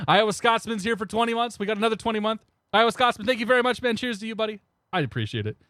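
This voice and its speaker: A man's voice: high voice, animated, racing, bright, forceful tone, no room sound, studio quality. A young man streaming a flight sim, rambling casually and greeting his chat by name into a desk microphone. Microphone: new desk microphone.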